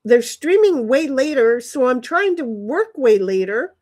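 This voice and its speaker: Lady rambling into her phone outside, chatty, keeps restarting, gets squeaky when excited. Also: measured pace. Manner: chatty, meandering, many restarts and sudden excited jumps in pitch. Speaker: vlogger. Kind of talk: rambling casual monologue. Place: outdoors in a yard.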